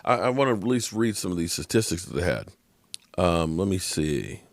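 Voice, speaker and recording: A man's voice: deep voice, lively intonation, moderate pace, dry recording. A tired man giving a casual, rambling sports commentary monologue, yawning now and then. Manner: rambling, conversational, frequent restarts. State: tired, yawning from lack of sleep.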